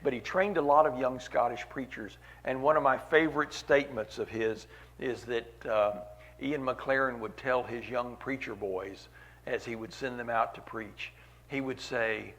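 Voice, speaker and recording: A man's voice: medium pitch, steady tone, moderate pace, a bit bright. A man preaching a sermon at a church meeting, earnest, repeating key phrases for weight.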